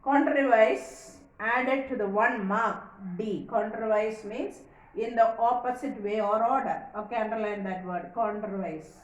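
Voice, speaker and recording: A woman's voice: on the high side, normal speed, muffled recording. A woman teaching a reading lesson, reading the text aloud and explaining the meanings of words. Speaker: English teacher. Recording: echoey room, voice far from mic.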